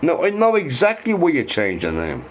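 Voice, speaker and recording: A man's voice: a little high, wildly swooping pitch, moderate pace. Rambling, swearing middle-aged man streaming. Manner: rambling and profane, repeating himself. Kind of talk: casual live-stream chat. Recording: faint music behind.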